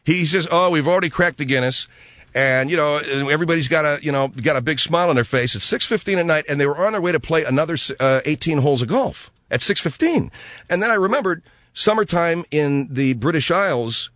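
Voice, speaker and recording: A grumpy, sarcastic man hosts a comedy radio talk show, rambling through his stories with a lively rise and fall. His voice is close and dry, with no room sound. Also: on the high side, brisk, dry recording.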